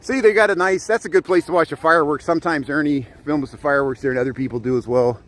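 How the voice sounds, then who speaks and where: A man's voice: on the high side, quick pace, a bit bright, low-quality recording. A man live-streaming while he rides a bike outdoors by a lake, chatting to viewers by name and slightly out of breath. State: out of breath from cycling. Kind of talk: live-streamed city tour. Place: outdoors by a lakefront, riding a bike. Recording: outdoor wind noise on the mic. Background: wind noise.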